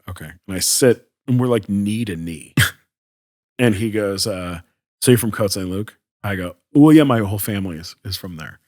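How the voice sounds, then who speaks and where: A man from Canada telling a story casually as a podcast guest, acting out quotes and using many fillers. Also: fairly low pitch.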